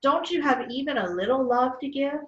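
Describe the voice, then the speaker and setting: A woman voicing a fierce, desperate mother who pleads and argues forcefully. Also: high-pitched, expressive, normal speed, voice pushed up. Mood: arguing. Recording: distant, roomy, dull sound.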